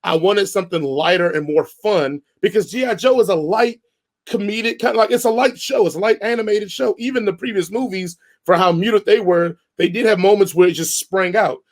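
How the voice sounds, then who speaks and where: A man co-hosting a podcast, reviewing a film in a casual, animated, rambling way with lots of restarts. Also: sits high, brisk. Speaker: podcast co-host. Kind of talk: casual movie review chat.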